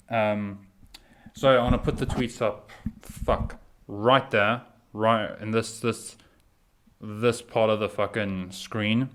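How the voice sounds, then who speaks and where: A young man ranting casually to camera as a YouTube commentator, swearing often and rambling through restarts. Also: medium pitch. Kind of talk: casual profane rant.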